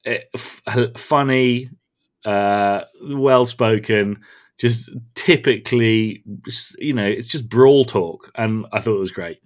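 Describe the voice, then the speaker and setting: A man's voice: on the low side, slow. A man in casual podcast chat, enthusiastically quoting favourite lines and laughing along. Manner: enthusiastic, quotes lines with relish. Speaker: podcast co-host.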